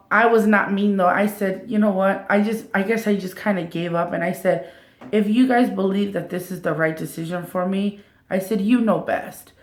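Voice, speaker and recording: Vlogger, woman, 30s, animated storyteller, echoey room. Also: medium pitch. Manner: animated retelling, acting out others' lines. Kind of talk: casual storytelling to camera.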